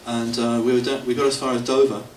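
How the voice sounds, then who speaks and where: A man's voice: medium pitch, level tone, fast, darkish tone, slight background noise. Middle-aged man, rambling chuckling storyteller, distant mic, roomy hall. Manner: chuckling, rambling, self-mocking. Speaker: devotee telling stories at a temple anniversary. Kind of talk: anecdotal storytelling to an audience. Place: temple hall.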